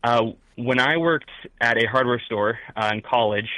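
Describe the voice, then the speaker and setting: A young man with a Midwestern accent talks as a caller, stopping and restarting his thoughts with plenty of fillers. His voice sits at a middling pitch. The sound is dry, with no room echo. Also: pushed and bright. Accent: Midwestern American. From rural Midwest. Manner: halting, many fillers and restarts. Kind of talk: call-in talk show conversation.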